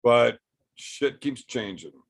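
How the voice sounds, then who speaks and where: A man's voice: medium pitch, expressive, slow pace, gravelly. A young man, casually reading and answering live chat with blunt, profane jokes. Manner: profane, blunt, joking banter.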